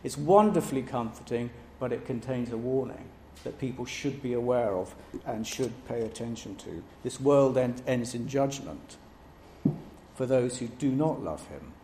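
A man preaches in a measured, emphatic way, leaning on each word of his lists. His voice sits at an ordinary pitch and rings in a roomy, echoing space with a faint hiss behind it. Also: lively intonation, dark tone. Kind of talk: sermon. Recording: echoey room with faint background noise.

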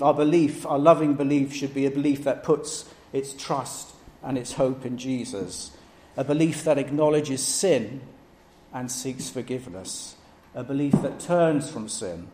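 A man preaching a sermon, measured and emphatic, stressing each item in his lists. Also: medium pitch, a little mellow. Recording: echoey room with faint background noise.

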